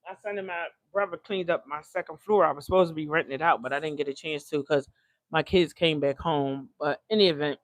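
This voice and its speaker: A woman's voice: low voice, fairly quick, no room sound. An older woman hosting a casual livestream from her home kitchen, a chatty, slangy storyteller who laughs often. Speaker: livestream host. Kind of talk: casual live-stream chat while cooking.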